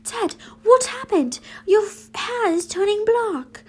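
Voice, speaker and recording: A woman voicing a small, excitable teenage wizard boy with a small, high voice, read aloud from a story. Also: slow pace, full character voice. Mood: alarmed. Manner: shouting in alarm.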